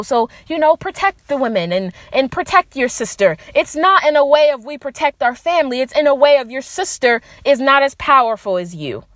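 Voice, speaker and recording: Angry, profane woman ranting, high voice. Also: fairly bright tone, no room sound, clean studio sound. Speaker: podcast host. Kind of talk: impassioned solo rant.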